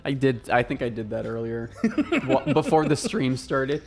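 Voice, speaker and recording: A man chatting casually on a gaming stream through a headset, rambling and cutting himself off with quick laughs. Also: medium pitch, lively intonation.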